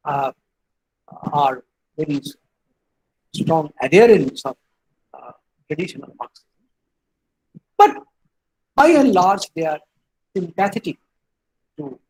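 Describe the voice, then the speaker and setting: An older man giving an academic lecture, deliberate and halting, with frequent hesitations and restarts. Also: sits high, a little mellow, breathy edge, low-quality recording. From India. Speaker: guest lecturer, professor of political science.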